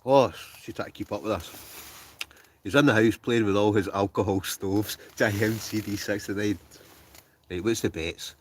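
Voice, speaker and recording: Camping wild at night, this man from Scotland streams live from his tent with a stove, reading chat comments, joking and chatting casually, with occasional mumbling trail-offs. He has a Scottish accent and a lowish voice at normal speed, with a little hiss or hum in the sound.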